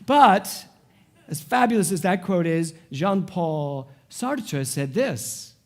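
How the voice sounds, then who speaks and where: Lively, high-voiced man preaching a sermon. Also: slow pace. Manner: animated, humorous storytelling to a live congregation. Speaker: spiritual director. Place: church service before a congregation.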